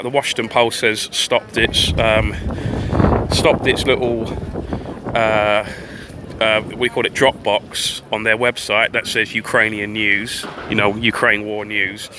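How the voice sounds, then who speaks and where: A man's voice: fairly low pitch, fairly even intonation, unhurried, noisy background. A man livestreaming a rambling, profane commentary while walking outdoors on a town street. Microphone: phone livestream.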